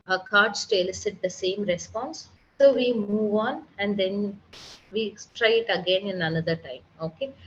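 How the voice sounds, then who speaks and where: A woman speech therapist talks a seminar audience through her methods, explaining step by step and sounding out examples herself. The recording is slightly dull and muffled, with a faint hiss underneath her voice. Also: medium pitch. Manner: patient, explanatory, demonstrates sounds aloud. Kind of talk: seminar lecture.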